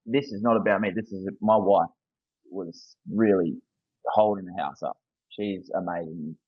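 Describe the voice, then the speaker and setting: Husky, deep-voiced Australian man. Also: fairly even intonation, unhurried, no echo, lo-fi sound. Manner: candid and earnest, frequent restarts. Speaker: guest, football coach. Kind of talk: casual podcast interview.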